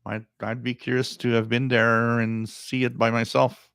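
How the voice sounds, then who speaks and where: A middle-aged man with a deep voice hosting a radio live stream, chatting casually and reading viewer comments, rambling and repeating words. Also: little pitch movement, moderate pace, vocal fry, a bit bright, clean tone, no room sound, studio quality.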